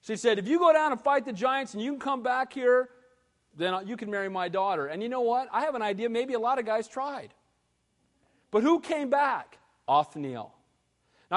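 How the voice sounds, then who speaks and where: A high-voiced male pastor preaching with big swings from loud to hushed. His voice rings out with a long reverb, as in a church sanctuary. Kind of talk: sermon.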